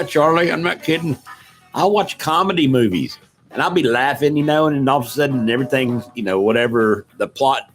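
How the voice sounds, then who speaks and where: A middle-aged man with a drawl talks loosely into a desk microphone, wandering from one thought to the next. His voice sits at an ordinary pitch, and he pokes fun at himself while he greets viewers by name. Faint music plays softly behind him. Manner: rambling and self-deprecating, greets chat viewers. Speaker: live stream host. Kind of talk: casual live-stream chat.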